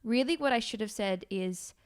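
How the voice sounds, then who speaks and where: Expressive young woman host. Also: on the high side, normal speed, smooth. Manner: expressive, acts out quotes, whispers asides. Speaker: podcast host. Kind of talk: casual podcast conversation.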